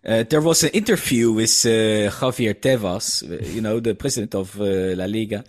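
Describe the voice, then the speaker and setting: Dutch guy on a podcast, lowish voice, lots of uhs and restarts, chill chat. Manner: halting, many fillers and restarts while searching for words. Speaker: podcast co-host. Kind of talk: casual chat.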